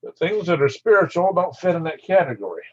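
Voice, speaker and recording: A man's voice: a little high, sing-song, a little fast, no room sound, dull audio. An older man hosting a casual livestream, rambling and laughing as he answers viewers' comments by name. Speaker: channel host reading live chat.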